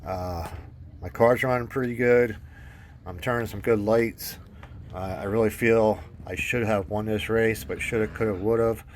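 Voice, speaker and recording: A man's voice: on the low side, fairly even intonation, measured pace, a little hiss or hum. A man telling a casual, rambling story about his car hobby in a voice-over, full of fillers and restarts, chuckling often.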